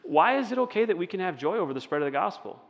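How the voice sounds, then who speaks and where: A man with a somewhat high voice leads a sermon in a loose, chatty way and keeps turning questions back to the room. His voice rings out with a long reverb tail, as if he is in a large church hall. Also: big pitch swings, rapid-fire, muffled recording. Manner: conversational, asks the audience questions. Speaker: pastor. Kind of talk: interactive sermon.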